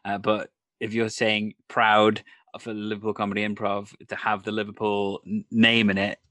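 A man's voice: fairly low pitch, monotone, normal speed, fairly bright tone, no echo. A man hosting a casual interview, asking friendly questions and laughing along. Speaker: interview host.

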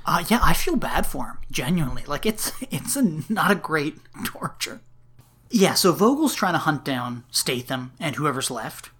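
A man's voice: on the high side, very animated, normal speed, a bit bright, slightly rough. A man co-hosting a podcast, recapping a film's plot in casual chat, laughing often and hedging with lots of likes. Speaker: podcast co-host. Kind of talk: casual movie-review chat.

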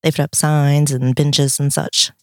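A woman's voice: sits low, flat delivery, a little slow, no room sound, clean studio sound. A middle-aged woman co-hosting a podcast, teasing her partner and laughing often in casual chat. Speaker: podcast co-host.

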